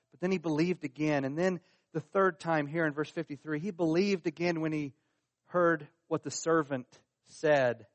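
A man's voice: medium pitch, no room sound. A man preaching a sermon, earnest and pressing his points, lifting his voice when he reads scripture. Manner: earnest, rising in emphasis on scripture quotes. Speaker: pastor.

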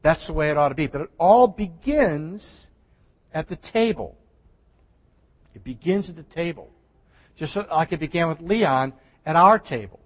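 A man pastor preaching a sermon in a conversational way, with restarts and soft laughs, recorded in a church. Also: fairly high pitch, animated, measured pace, long pauses. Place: church sanctuary. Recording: church hall reverb.

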